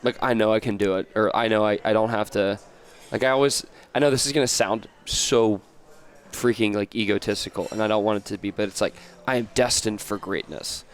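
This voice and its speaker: Rambling, low-voiced American man. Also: fairly even intonation, a little fast, clear, resonant tone. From United States. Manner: rambling, many fillers and restarts. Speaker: podcast guest, entrepreneur. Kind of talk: casual interview chat.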